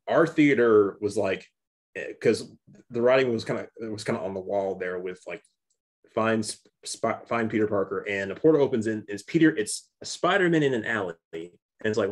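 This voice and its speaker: Low-voiced man chatting in halting bursts. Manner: halting, lots of restarts and repeats. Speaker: podcast co-host. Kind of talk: casual movie review chat.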